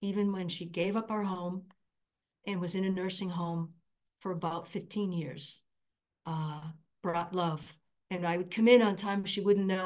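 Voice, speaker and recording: A woman's voice: lowish voice, darkish tone. Middle-aged woman preaching earnestly. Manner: earnest storytelling, quoting others in raised voice. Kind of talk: sermon.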